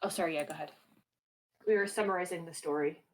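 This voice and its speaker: A woman playing a tabletop game, talking in an eager, animated way. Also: fairly low pitch, fast, rough recording. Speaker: player. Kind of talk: casual tabletop play.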